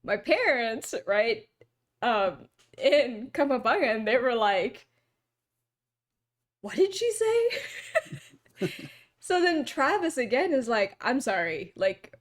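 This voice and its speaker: A woman with a high voice co-hosts a casual podcast, telling a rambling anecdote. She laughs often and acts out the people in her story. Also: animated, slow pace. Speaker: podcast co-host. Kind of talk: casual chat.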